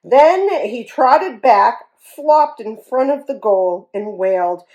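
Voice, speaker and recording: A woman reading a children's story aloud in an expressive, animated way. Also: on the high side, takes it slowly, lo-fi sound.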